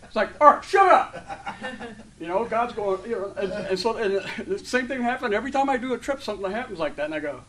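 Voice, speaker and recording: Middle-aged guy rambling through a heartfelt testimony, bit high-pitched, sounds far from the mic. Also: quick pace. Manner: rambling and heartfelt, with many fillers and restarts; gets loud and animated when retelling stories. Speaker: church member sharing a testimony. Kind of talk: casual spoken testimony to a group. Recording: distant mic with faint room ambience.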